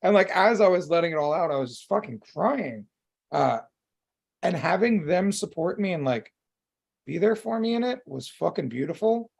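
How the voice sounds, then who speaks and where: A man co-hosting a podcast, talking openly and emotionally in casual chat, swearing freely and filling pauses with "um" and "like.". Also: high-pitched, expressive, vocal fry, darkish tone, breathy edge. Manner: open and emotional, swears freely, many fillers. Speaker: podcast co-host.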